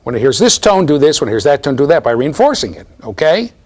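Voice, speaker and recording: A middle-aged man giving a university lecture, animated and storytelling, often checking in with the class. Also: fairly high pitch, fast talker. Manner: animated storytelling, mimics voices, asks the class "right?". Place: lecture hall.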